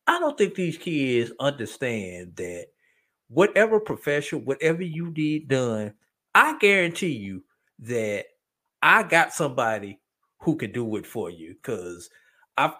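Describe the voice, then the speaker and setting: A middle-aged man, a football coach speaking as a guest, talking earnestly with lots of restarts. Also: fairly low pitch. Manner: earnest, animated storytelling with many restarts. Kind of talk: podcast conversation.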